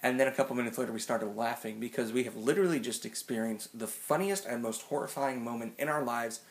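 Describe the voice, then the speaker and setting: A man's voice: mid-range voice, fast. A young man in his late teens telling a funny story to camera, rambling and full of "like" and restarts. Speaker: vlogger.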